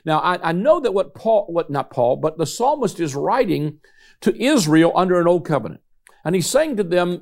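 A middle-aged man preaching with a gravelly, creaky edge to a voice that sits a bit high for a man. He talks earnestly, reading scripture passages aloud and often restarting his phrases. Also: expressive, fairly quick, a little mellow. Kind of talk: sermon.

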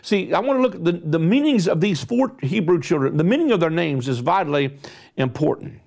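A man's voice: on the high side, animated, a little fast, vocal fry, a little mellow. A man preaching a sermon, emphatic, repeating and stressing words for effect, with rising bursts of intensity.

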